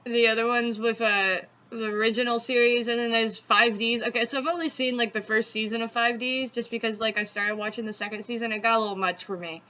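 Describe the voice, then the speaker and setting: Brisk and barely pausing, she speaks on the high side with a steady, sharp tone. The Southeastern US host has a Southern accent and keeps her casual talk chatty, full of laughs and free swearing, though the audio is dull lo-fi.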